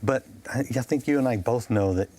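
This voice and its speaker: A man hosting a talk show poses a reflective question to his guest. He speaks at a middle pitch. He often repeats a word as he feels his way forward. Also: brisk, darkish tone. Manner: thoughtful, repeats words as he searches. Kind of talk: interview questions.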